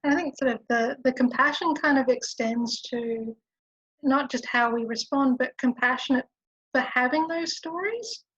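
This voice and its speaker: A woman's voice: sits high, normal speed, a bit bright, slightly rough, no room sound. A woman speaking as a guest psychologist in an informal webinar over a video call, talking in an earnest, reflective way. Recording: dull, dry video call audio.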